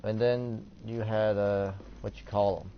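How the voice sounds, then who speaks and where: A teenage boy talks through a video game in loose, rambling commentary full of "like" and "and all that." His voice sits a bit low. The mic sounds dull and lo-fi with a faint hiss. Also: little pitch movement, a little slow. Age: teens. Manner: rambling, filler-heavy, reads game text aloud. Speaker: gameplay commentator. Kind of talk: casual let's-play commentary.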